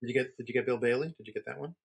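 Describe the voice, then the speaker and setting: Male co-host, husky mid-range voice, rapid teasing banter. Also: medium pitch. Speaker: podcast co-host. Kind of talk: casual chat.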